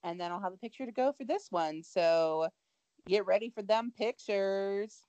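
A woman's voice: medium pitch, moderate pace, a little mellow, dry recording, muffled recording. A young adult woman co-hosting a podcast in a bubbly, exclaiming casual chat. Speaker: podcast co-host.

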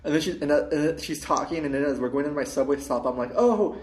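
A man telling a long story in casual chat, rambling with many restarts and putting on high voices for the people he quotes. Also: steady tone, fast. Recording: roomy echo.

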